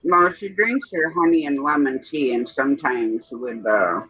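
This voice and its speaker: A man co-hosting a live stream, chatting in a lively way. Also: mid-range voice, unhurried, husky. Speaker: co-host. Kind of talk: casual chat. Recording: dull lo-fi stream audio with faint noise.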